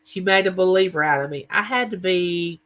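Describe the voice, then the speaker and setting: A man's voice: sits high, a little fast, a bit bright, poor audio. A man hosting a casual live chat stream, telling stories and greeting viewers by name. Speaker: livestream host.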